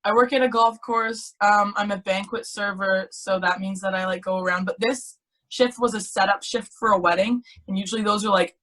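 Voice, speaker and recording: A teenage girl in casual chat, telling her story in an animated way with lots of filler words. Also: medium pitch, moderate pace. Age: teens. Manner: chatty, animated storytelling with many "like"s. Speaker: guest.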